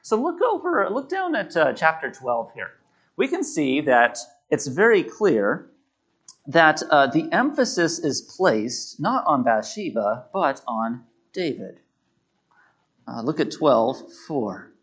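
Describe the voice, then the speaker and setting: Male preacher, husky, lively pitch, emphatic sermon delivery. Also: takes it slowly. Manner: animated, emphatic, repeats key phrases.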